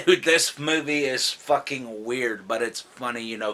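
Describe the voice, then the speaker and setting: A man with a bright, forward voice talks through a movie countdown after a few drinks, his words loose and slurring a little. He rambles, swears freely and breaks into laughter as he goes. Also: medium pitch, moderate pace, hardly any pauses. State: drunk. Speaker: movie vlogger.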